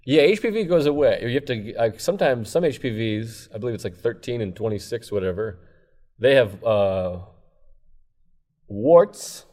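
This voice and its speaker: A man's voice: medium pitch, lively intonation, moderate pace, mellow. A man who is a comedian, talking as a guest on a podcast in a casual, rambling, self-deprecating way. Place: comedy club.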